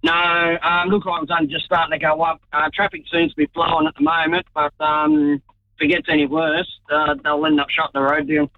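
A man's voice: on the high side, animated, brisk, vocal fry, no room sound. Man calling in on a phone line. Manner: hesitant, many fillers. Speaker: caller reporting traffic. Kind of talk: phone-in report.

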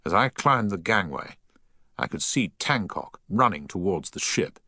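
A man reading a story aloud in the first person, with a deep but bright, forward tone. His pitch moves expressively through the sentences, recorded close and dry. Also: big pitch swings, unhurried, no echo. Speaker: narrator. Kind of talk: audiobook narration.

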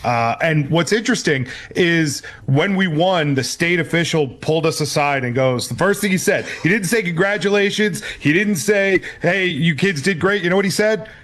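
A man from Connecticut, a regular on a sports radio show, telling stories loudly and excitedly. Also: a little high, moderate pace, hardly any pauses. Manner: loud, excitable storyteller. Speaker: radio show regular, youth baseball coach. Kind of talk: casual sports radio banter. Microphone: remote microphone.

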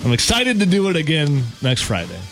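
A man's voice: fairly high pitch, huge pitch swings, fairly quick, creaky, fairly bright tone, soft background music. A man, hosting a radio show and telling a story in casual chat, laughing as he goes.

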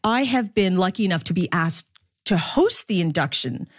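A woman's voice: on the low side, sing-song, moderate pace, slightly rough, dry recording, studio quality. A middle-aged woman, a baseball broadcaster from the Philippines, talking candidly as an interview guest and laughing often.

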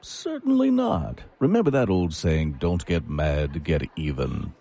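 A man's voice: low-pitched, very animated, measured pace, creaky, mellow, exaggerated voice. An actor playing a sly, devilish man posing as a suicide hotline counselor, coaxing and sinister. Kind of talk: audio drama acting.

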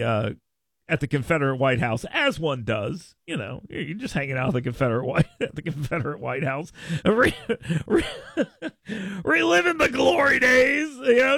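Male talk radio host, animated storyteller, gravelly edge, dry booth. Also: on the high side, no echo. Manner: animated storytelling with laughs and mock voices. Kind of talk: casual radio banter.

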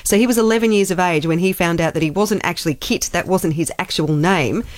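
A woman's voice: on the low side, brisk, dry recording. An Australian woman co-hosting a breakfast radio show, telling stories in a chatty, giggly way from a studio mic. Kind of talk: casual radio chat.

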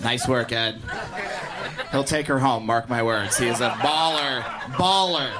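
A man's voice: medium pitch, measured pace, heavy background noise. A man emceeing a comedy show, teasing the audience and hyping it up. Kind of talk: crowd work and introductions. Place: comedy club with a live audience. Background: loud crowd.

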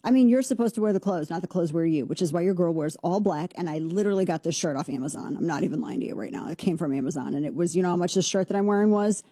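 A woman hosts a commentary show, firing off sarcastic rants. Her voice is mellow and dark in tone. It is recorded dry and close, with no room sound. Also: lowish voice, husky, dry recording. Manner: sarcastic, rapid-fire ranting. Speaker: host.

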